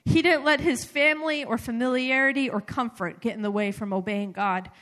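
A woman preaches in a loose, conversational manner, weaving personal stories through her sermon with plenty of filler words. Her voice sits a little high and swings between quiet confession and lifted exhortation. The sound carries a long reverb, as in a large hall. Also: fairly quick. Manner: animated, conversational, many fillers.

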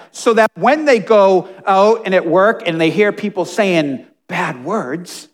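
A man with a strikingly high voice delivers a sermon. He moves between quiet, muttered asides and fervent, almost shouted emphasis. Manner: passionate, swings from hushed asides to emphatic near-shouting. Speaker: pastor.

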